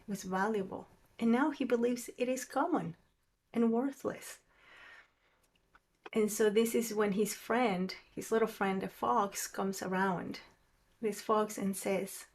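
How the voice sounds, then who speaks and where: A woman teaching a meditation class, who talks in a soft, musing way and often drops to a near whisper. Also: mid-range voice, fairly even intonation, a little slow. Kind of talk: reflective class talk.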